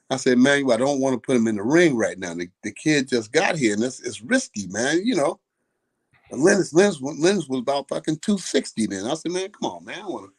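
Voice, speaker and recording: An older man, a boxing trainer, telling a profane story and acting out the quoted voices. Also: mid-range voice. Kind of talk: casual storytelling.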